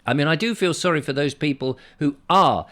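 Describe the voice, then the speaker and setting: A man's voice: fairly high pitch, brisk, a bit bright. A man hosting his own vlog, telling a story in a rambling, chatty monologue full of wry asides. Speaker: vlogger, show host. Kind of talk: casual to-camera monologue.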